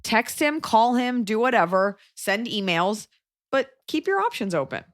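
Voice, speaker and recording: A woman's voice: fairly high pitch, animated, measured pace. A young adult woman hosting a podcast, giving blunt, profane advice in a casual chat and jumping into quoted voices. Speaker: podcast host.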